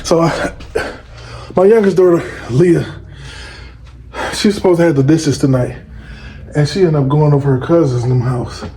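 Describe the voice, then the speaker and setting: Middle-aged dad vlogger, a bit high-pitched, loose rambling chat, echoey basement, noisy phone audio. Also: male voice, moderate pace, long pauses. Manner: loose, rambling, chatty, addresses viewers directly. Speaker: family vlogger and father. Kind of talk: casual vlog chat to camera. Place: small dusty home basement. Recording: echoey basement with loud background noise.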